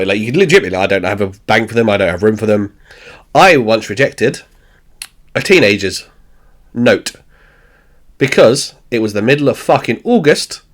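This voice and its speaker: A man co-hosting a podcast, recapping a sitcom in casual chat, blunt and sweary, acting out lines with laughter. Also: lowish voice. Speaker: podcast co-host.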